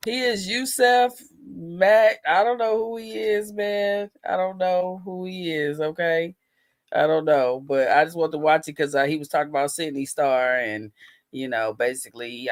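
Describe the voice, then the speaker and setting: A man's voice: medium pitch, dry recording, clean studio sound. A man hosting a livestream, chatting loosely and profanely straight to his viewers. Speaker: livestream host. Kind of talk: casual livestream chat.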